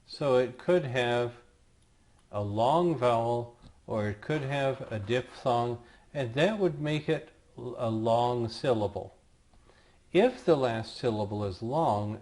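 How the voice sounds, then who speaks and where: A man teaching a lesson, explaining rules slowly and patiently, with the odd self-deprecating aside. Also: mid-range voice, darkish tone. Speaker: Greek teacher. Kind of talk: recorded lecture.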